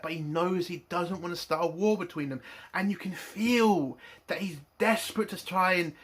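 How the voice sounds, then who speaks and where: A man's voice: sits high, fairly bright tone. Blunt, swearing man ranting. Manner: blunt, profane, exasperated. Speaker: TV reviewer. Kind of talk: ranting review monologue.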